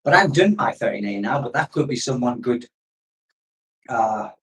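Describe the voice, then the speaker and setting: A man's voice: medium pitch, animated, moderate pace, a bit bright, distant mic, rough recording. A man hosting a casual livestream, rambling between stories and reading out viewer comments. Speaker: expat livestream host. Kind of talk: casual live-stream chat.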